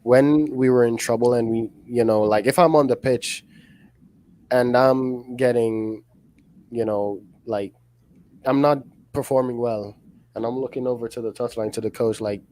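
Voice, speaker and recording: A man's voice: mid-range voice, steady tone, measured pace, a little mellow, no room sound. A man hosting a casual football podcast, talking in a rambling, heated way full of "like" and "you know". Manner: rambling, filler-heavy, heated. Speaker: podcast host. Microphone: podcast mic.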